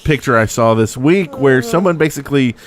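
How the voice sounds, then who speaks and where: Playful male podcast host, mid-pitched voice. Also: lively intonation, a little fast. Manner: playful, jokey. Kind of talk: casual chat.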